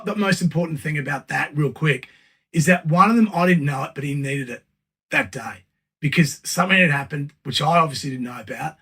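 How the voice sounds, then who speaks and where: Lively, high-voiced man. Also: gravelly, slightly rough. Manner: animated, acts out phone calls, laughs often. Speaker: guest speaker. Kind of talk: storytelling in casual chat. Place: video call.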